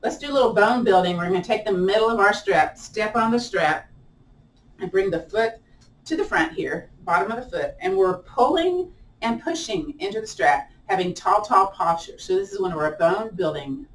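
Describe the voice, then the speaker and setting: A woman's voice: mid-range voice, expressive, moderate pace, recorded from a distance. A woman with an American twang talks a class through chair yoga in a chatty, playful way, often laughing at her own remarks. She is picked up from across an echoey room, with a faint hiss behind her. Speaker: yoga instructor.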